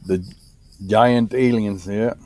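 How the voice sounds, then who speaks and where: Male guest researcher, somewhat low and mellow, halting podcast delivery full of fillers while reading encounter cases. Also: steady tone. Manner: halting, with frequent fillers and restarts. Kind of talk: podcast interview, reading case reports.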